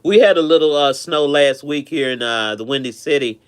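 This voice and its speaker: Smooth-voiced man chatting on a live stream. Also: on the high side, normal speed. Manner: chatty, affectionate, repeats himself. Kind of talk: casual live-stream chat with viewers.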